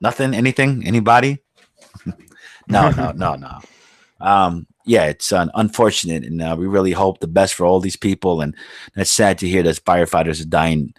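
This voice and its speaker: Profane blustering New podcast host. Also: male voice, deep voice, moderate pace, dry recording. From New York. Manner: profane, rambling, joking, blue-collar bluster. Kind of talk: casual podcast chat.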